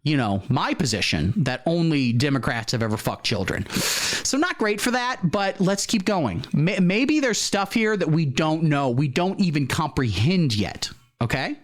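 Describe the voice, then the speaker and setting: A man hosting a satirical comedy show, commenting on the material in a deadpan, mock-earnest way with feigned naivety. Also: fairly high pitch, measured pace. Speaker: comedy host.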